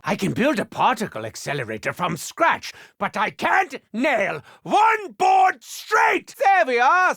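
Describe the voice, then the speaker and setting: An actor playing a manic, gleeful male mad scientist in a video game, with a German accent, theatrical delivery and sudden shouts and cackles. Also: sits high, dry recording, clean studio sound, heavily acted.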